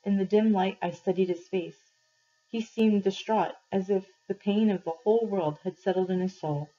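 Husky woman reading a story to a class. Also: medium pitch, normal speed, mellow. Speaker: teacher reading aloud. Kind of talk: reading a novel aloud to a class. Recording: dull lo-fi recording.

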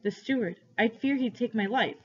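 A woman's voice: fairly high pitch, normal speed, a little mellow, breathy edge. A woman voicing a frightened, hungry peasant boy who pleads and stammers, in a dull lo-fi recording. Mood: pleading.

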